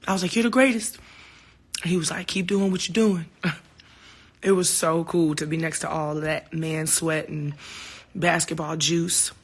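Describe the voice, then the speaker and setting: A woman's voice: low-pitched, unhurried, husky. A woman talking to fans on a phone livestream, candid and heartfelt, swearing freely and telling stories with quoted back-and-forth. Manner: animated storytelling with quoted exchanges. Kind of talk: casual livestream talk. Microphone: phone camera.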